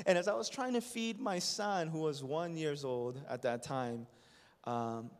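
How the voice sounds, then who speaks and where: A pastor in his thirties preaching a sermon to his congregation, impassioned and building to loud emphasis. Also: fairly high pitch, a little slow. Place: church sanctuary. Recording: long reverb of a church hall.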